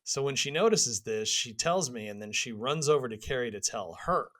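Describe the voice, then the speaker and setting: A man in his forties co-hosting a podcast, a little nasal and low on energy from a cold, telling a story wryly. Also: lively intonation, moderate pace, a bit bright. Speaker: podcast co-host. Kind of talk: casual storytelling.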